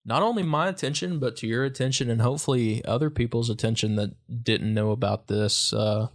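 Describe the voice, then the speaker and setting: A man co-hosting a casual podcast chat about local legends, telling stories in a relaxed, joking way. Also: medium pitch, a little fast. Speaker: podcast co-host.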